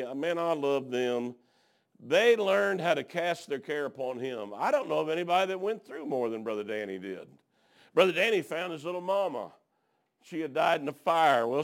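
A man preaching a folksy sermon, telling stories and dropping frequent amens, swinging from hushed to shouting. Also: fairly high pitch.

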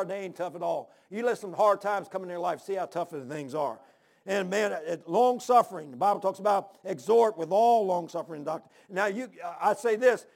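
A man's voice: high-pitched, gravelly. A man preaching a folksy, storytelling sermon, repeating his phrases. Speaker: pastor.

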